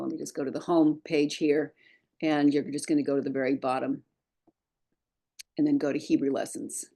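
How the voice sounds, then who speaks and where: A middle-aged woman teaching a patient, deliberate lesson over a screen share, spelling things out step by step. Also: sits low. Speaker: Hebrew teacher.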